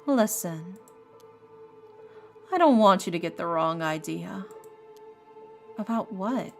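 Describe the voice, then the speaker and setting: A woman's voice: on the low side, lively intonation, takes it slowly, creaky, faint music behind, heavily acted. Woman doing a cold, taunting cursed lady. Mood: menacing. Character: cold, menacing cursed woman, toying with her victim.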